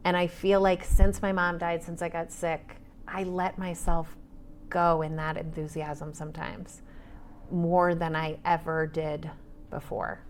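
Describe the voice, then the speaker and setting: On a casual panel, an author and trauma therapist in her forties talks with animation and lowers her voice to whispers for asides. She has a fairly low pitch, a level tone and an unhurried pace. Slight hiss or hum is present.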